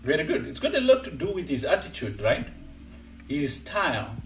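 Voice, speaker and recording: Man, chess coach on a stream, higher pitch, very lively intonation, echoey room, faint music. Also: normal speed, recorded from a distance. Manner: animated, laughs often while explaining. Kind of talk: live-streamed chess lesson.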